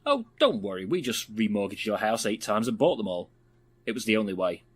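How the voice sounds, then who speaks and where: A pushy makeover show host. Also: male voice, on the low side, sing-song, fairly quick, husky. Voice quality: theatrical, over-the-top presenter delivery. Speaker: cheesy home makeover TV host. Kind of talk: sketch comedy acting.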